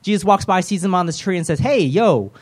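A man preaching a sermon in a lively, conversational way, with self-deprecating humor and quick role-played voices. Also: high-pitched. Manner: animated, acts out voices of biblical figures.

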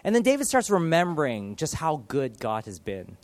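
A man in his thirties preaching a sermon, earnest and animated, swinging from loud emphasis to soft, quiet lines. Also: a little high, normal speed. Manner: earnest, animated, with dramatic shifts in loudness. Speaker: pastor.

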